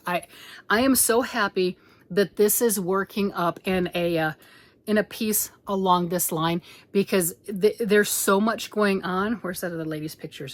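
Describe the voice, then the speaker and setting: A middle-aged woman hosting a crochet channel, chatting excitedly at home while showing a blanket she is making, and sometimes dropping into a whisper. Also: on the low side. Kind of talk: casual show-and-tell chat.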